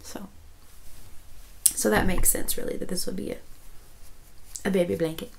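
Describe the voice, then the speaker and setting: A woman's voice: mid-range voice, steady tone, normal speed, vocal fry, darkish tone, a little hiss or hum, rough recording. A woman, chatting casually as a crochet vlogger, rambling with many restarts and turning emotional. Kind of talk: casual chat.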